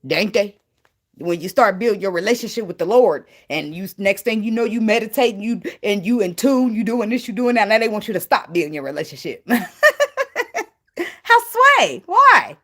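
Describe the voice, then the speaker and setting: A woman's voice: mid-range voice, a little fast. A woman tarot reader in a casual spiritual vlog, talking bluntly and emphatically, swearing freely and laughing often.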